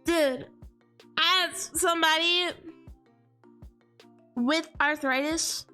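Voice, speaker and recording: A woman's voice: very high voice, very slow, pushed and bright, faint music behind. A woman streamer in casual chat, slangy and exclaiming, heavy on fillers like "like" and "dude".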